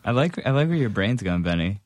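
A man's voice: on the low side, very animated, a little fast, darkish tone, no echo. A man co-hosting a podcast in casual chat, laid-back with dry quips. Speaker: podcast co-host.

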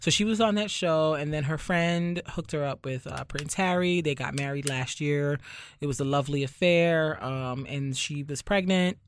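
A man's voice: fairly high pitch, normal speed, clear, resonant tone, dry recording. A young man from Barbados hosting a podcast in casual chat, sardonic and rambling, leaning heavily on fillers. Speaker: podcast host.

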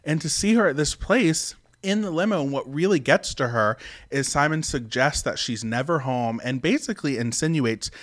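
Man co-host, chatty and animated, easily moved, slips into quick impressions. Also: fairly high pitch. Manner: animated, emotional, quotes people in little voices. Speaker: podcast co-host. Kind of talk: casual chat recapping reality TV.

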